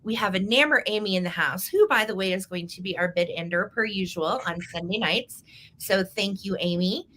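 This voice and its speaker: Running a live vintage sale, a woman chats casually and cheerfully on her livestream, welcoming viewers by name. She talks a little fast in a medium-pitched voice that sounds pushed and bright.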